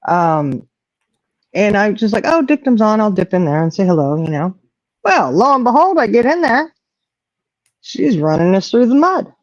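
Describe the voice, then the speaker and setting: A woman's voice: medium pitch, sing-song, moderate pace, dry recording. An older woman, a grandmother, hosting a casual chat in a folksy way, often saying "you know". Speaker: host. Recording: dull lo-fi audio.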